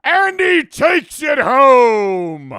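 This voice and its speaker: A man hamming up a booming sports announcer. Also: big pitch swings, clean tone, no echo, clean studio sound, full character voice. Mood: hyped. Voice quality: loud, drawn-out and showy.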